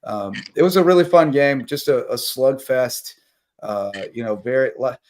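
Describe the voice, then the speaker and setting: A man hosting a late-night sports talk stream, rambling through game recaps and sponsor shout-outs. His voice is mid-pitched and casual, tired but still running on adrenaline. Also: moderate pace. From South Carolina Lowcountry. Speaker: sports talk show host.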